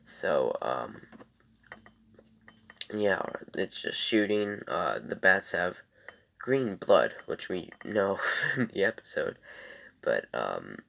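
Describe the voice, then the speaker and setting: Gravelly, deep-voiced young man reviewing. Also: big pitch swings, slow pace, long pauses, a bit bright. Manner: rambling and loose, many ums and self-corrections. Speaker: TV episode reviewer. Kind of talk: casual episode review.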